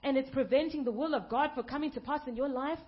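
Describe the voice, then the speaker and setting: A woman pastor delivering an emphatic sermon, building up to shouted peaks. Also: sits high, fast talker, lo-fi sound.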